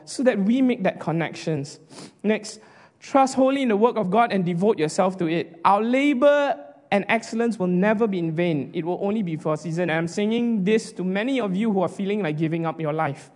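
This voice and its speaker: A man preaching an emotional sermon as a pastor, earnest and halting, often restarting his sentences. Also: high voice, animated, darkish tone, long reverb tail. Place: hall.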